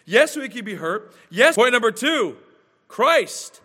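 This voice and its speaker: A man preaching a sermon as pastor, with emphatic rhetorical questions and quick asides. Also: very high voice, big pitch swings, bright, forceful tone, breathy edge, long reverb tail.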